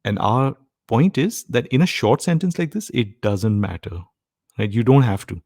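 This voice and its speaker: A man's voice: medium pitch, lively intonation, normal speed, darkish tone, no echo, studio quality. A man teaching a live online grammar lesson, often stopping to ask whether his students are following. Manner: frequent comprehension checks, asks "right?" often. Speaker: test-prep instructor.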